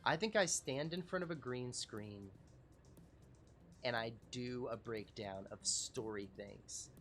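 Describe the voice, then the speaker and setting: A man's voice: mid-range voice, slow pace, a bit bright, soft background music. A man hosting a casual livestream talk show, rambling, profane and self-mocking.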